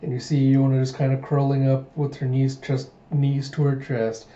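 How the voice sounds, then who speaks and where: Man narrating a manga readthrough, mellow dark tone, echoey room on a dull mic. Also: mid-range voice, monotone, normal speed. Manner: retells scenes, acting out lines. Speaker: reader, channel host.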